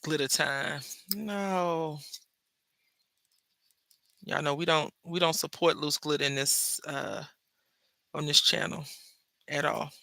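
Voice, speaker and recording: High, gravelly, bright-voiced chatty crafter. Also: male voice, fairly even intonation, slow, pauses often, dry recording. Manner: playful, gossipy storyteller, chatty asides to viewers. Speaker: craft channel host. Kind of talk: casual crafting chat.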